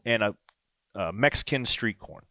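A man hosting a podcast, telling a casual story with lively quoted dialogue. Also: fairly low pitch, normal speed, no echo, studio quality. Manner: animated anecdote with quoted dialogue. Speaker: podcast host.

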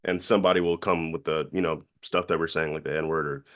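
A man's voice: rumbling low, fairly even intonation, a little fast. A young adult man, a podcast guest and voice actor, chatting casually with lots of fillers and restarts. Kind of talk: casual chat.

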